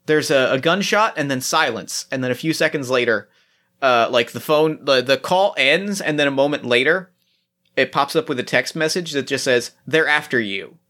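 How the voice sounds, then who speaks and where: A man narrating as game master, talking in halting bursts full of restarts and fillers. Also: medium pitch, sharp tone.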